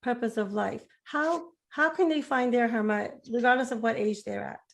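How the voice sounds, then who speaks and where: A woman's voice: fairly high pitch, normal speed. A woman hosting an interview, responding with encouragement and asking follow-up questions. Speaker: interview host. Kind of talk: casual interview chat.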